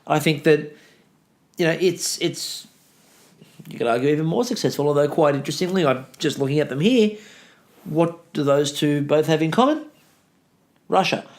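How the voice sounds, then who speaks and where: Sarcastic, joking man, slightly high. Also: moderate pace, long pauses. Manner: sarcastic, joking, rambling with restarts. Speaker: podcast co-host, history teacher. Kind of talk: casual history podcast chat.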